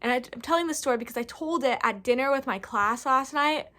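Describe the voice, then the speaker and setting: A young woman with a bright, high-pitched voice tells a story straight to camera in a loose vlog style. She rambles goofily, piling on slang and filler words as she goes. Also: quick pace. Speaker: vlogger.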